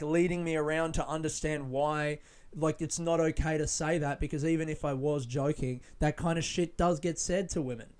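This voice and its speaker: A man's voice: on the high side, darkish tone, clean tone. A young adult man, a comedian, talking frankly in a casual monologue, swearing freely and rambling with restarts. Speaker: stand-up comedian.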